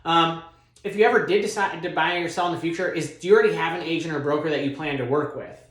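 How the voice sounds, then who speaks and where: A man's voice: on the high side, fast talker, roomy sound. A man, a real estate broker, teaching cold calling in a confident, casual way and acting out phone scripts. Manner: energetic, confident, casual with many fillers. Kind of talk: instructional talk with acted phone scripts.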